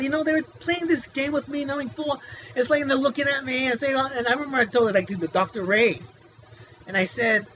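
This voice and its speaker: High-voiced agitated man vlogging. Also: brisk, pushed and bright. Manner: agitated, full of pointed questions. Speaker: whistleblower telling his story. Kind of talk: casual vlog monologue. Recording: muffled lo-fi with faint hiss.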